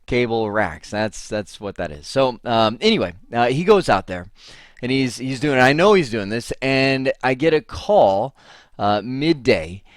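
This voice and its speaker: Middle-aged male instructor, mid-pitched, dry close sound, chatty anecdotal delivery. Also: a little slow, no echo. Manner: animated storyteller who acts out both sides of a phone call. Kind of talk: casual lecture with a told anecdote.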